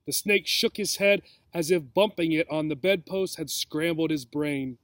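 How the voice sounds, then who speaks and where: A man reads a children's chapter book aloud in a fairly high voice, telling the story expressively. The sound is close and dry, with no room echo. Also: normal speed, a bit bright. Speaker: reader.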